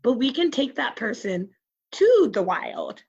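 A woman's voice: on the high side, very animated, unhurried, gravelly, darkish tone, husky. A woman co-hosting a podcast in casual chat, chatty and laughing often, with loose swearing. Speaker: podcast co-host. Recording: slightly dull, lo-fi audio.

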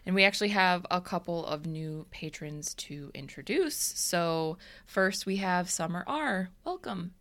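A woman's voice: fairly low pitch, animated, measured pace, hardly any pauses, fairly bright tone. A woman co-hosting a podcast in casual chat, cracking playful jokes. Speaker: podcast co-host.

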